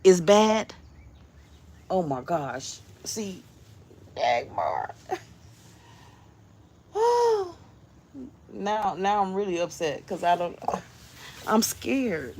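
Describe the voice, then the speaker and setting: Slow-talking jittery woman vlogger. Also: on the low side, big pitch swings, darkish tone, slightly rough. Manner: chatty, jumpy and nervous, laughs often. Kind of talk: casual chat to viewers.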